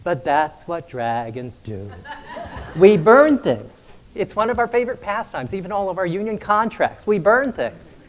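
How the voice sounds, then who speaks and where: A man voicing a boastful, amused male dragon in a told story, speaking slowly and laughing. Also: high voice, big pitch swings, fairly bright tone, voice pushed up, heavily acted.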